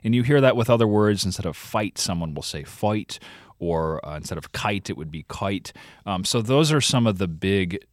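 A man's voice: sits low, lively intonation, brisk, few pauses, no echo, clean studio sound. A man reporting for a podcast, explaining and demonstrating speech sounds as a guest on a radio interview.

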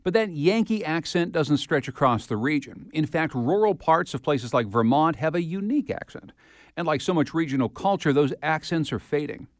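A man's voice: on the high side, animated, normal speed, dry recording, studio quality. A man hosting a public radio show, reading promos and introductions in a polished, scripted delivery.

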